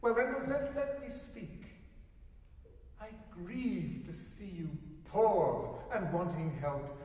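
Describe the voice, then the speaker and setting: A man voicing a humble, patient man in love who speaks gently and earnestly, recorded live from afar in a roomy hall. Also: sits high, slow pace, far from the mic, voice pushed up.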